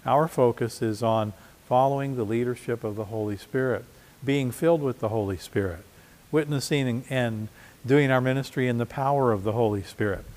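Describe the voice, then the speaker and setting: A man's voice: mid-range voice, normal speed, darkish tone, big-room sound. A man preaching a sermon as pastor, conversational, with frequent restarts and repeated words. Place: church.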